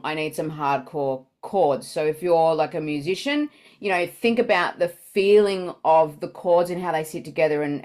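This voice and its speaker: A woman improviser chatting through commentary on her show, giving tips with lots of fillers. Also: on the low side. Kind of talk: casual reaction commentary.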